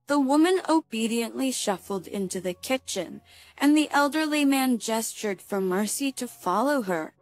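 Slow steady woman storyteller. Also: high voice, no room sound. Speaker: narrator. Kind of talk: scripted story narration.

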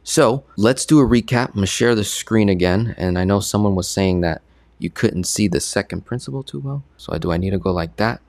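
A man teaching on a live stream as a finance coach, energetic and preacherly, listing ideas in quick bursts. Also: deep voice, no room sound.

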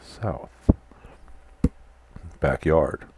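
Very deep-voiced man reading a text adventure. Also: very slow, a little hiss or hum. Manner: reads game text aloud, chats between commands; quiet, mutters typed commands. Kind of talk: casual let's-play commentary.

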